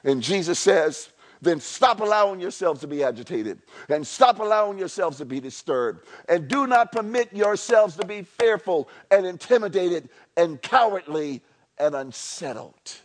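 A high-voiced man preaches to a congregation in a church service, pulling them into call-and-response. He drops to a hushed, low delivery and then climbs back up to ringing shouts. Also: animated, normal speed. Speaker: pastor. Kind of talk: sermon.

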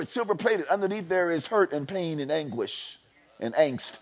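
High-voiced preacher, loud then hushed. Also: male voice, moderate pace. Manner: animated call-and-response preaching, swinging from low and quiet to loud and shouting. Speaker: pastor. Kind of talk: sermon. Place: church service.

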